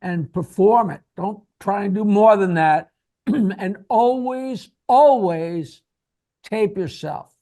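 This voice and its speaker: A man with a high voice co-hosts a podcast. He gives advice in a loose, rambling way, padding it with fillers and restarts. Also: takes it slowly, mellow. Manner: rambling advice full of "you know" and restarts. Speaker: podcast co-host. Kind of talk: podcast interview.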